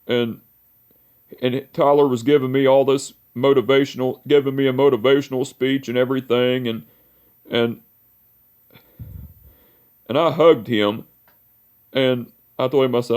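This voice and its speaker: A young man in his twenties speaks at a middle pitch, telling a personal memory to the camera. He rambles and repeats himself, and his talk is heartfelt and emotional. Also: steady tone, moderate pace, pauses often, darkish tone. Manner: rambling, repeats "I said" and "you know". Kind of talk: personal memorial vlog, storytelling.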